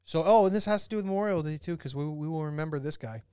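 A man's voice: fairly high pitch, rapid-fire, smooth, no echo, studio quality. A man in his forties, a former Army officer, telling stories on a casual podcast with lots of swearing and laughter. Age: 40s. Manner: animated storyteller, profane, laughs often.

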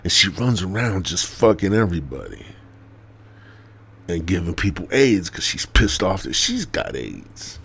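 A man hosting a podcast, rambling crudely and swearing a lot, dropping to mutters and jumping into loud mock voices. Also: sits low, sing-song, measured pace, vocal fry, breathy edge. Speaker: podcast host.

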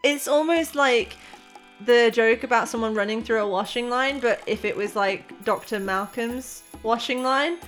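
A woman's voice: fairly high pitch, normal speed, fairly bright tone, soft background music. A woman narrating a tabletop game as game master in a chatty, loose way full of fillers.

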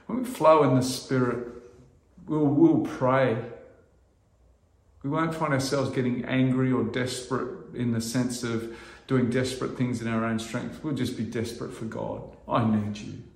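Middle-aged male pastor, earnest halting sermon delivery, average pitch, roomy echo. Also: fairly even intonation. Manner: earnest, halting with restarts, rising to loud emphasis.

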